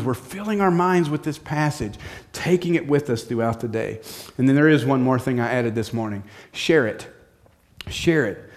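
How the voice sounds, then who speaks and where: A male pastor preaching a sermon in a direct, practical way, repeating short commands. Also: fairly high pitch.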